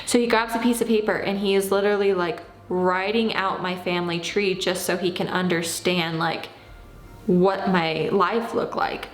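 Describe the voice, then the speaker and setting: A woman in her thirties telling a personal story in a casual, animated way, acting out what she said back then. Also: fairly low pitch, moderate pace, echoey room, soft background music. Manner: animated, acts out her own past lines. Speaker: vlogger.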